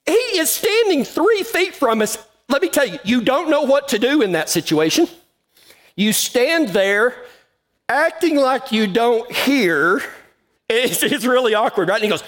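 High-voiced cowboy preacher. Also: male voice, expressive, normal speed. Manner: drawling, folksy, laughs at his own story. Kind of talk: folksy storytelling sermon.

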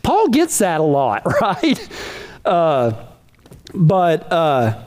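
A man's voice: a little high, huge pitch swings, extremely slow, darkish tone. A man preaching a sermon in a folksy, emphatic way, full of rhetorical questions.

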